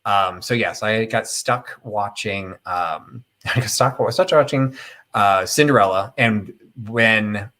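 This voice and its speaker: A man's voice: on the low side, slow pace, sharp tone. A middle-aged man hosting a casual live chat, telling a rambling, opinionated story full of fillers and tangents. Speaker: host of a live chat stream.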